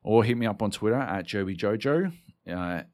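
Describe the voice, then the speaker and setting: Very deep-voiced man rambling casually. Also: expressive, a little mellow. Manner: rambling and halting, with casual swearing. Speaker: podcast host and author. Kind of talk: off-the-cuff podcast chat.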